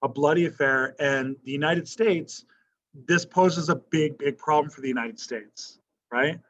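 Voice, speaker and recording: A man's voice: on the high side, a little slow, muffled recording. A male history teacher lecturing a class in a casual, conversational way, often checking in with "right?" and asking questions.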